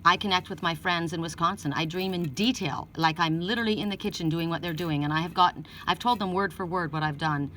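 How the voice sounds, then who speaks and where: A woman with a lowish voice gives an oracle card reading, mixing advice with stories from her own life. She talks earnestly and rambles, often restarting her sentences. Her voice sits a little away from the microphone. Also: fast, hardly any pauses, a bit bright, distant mic, slight background noise.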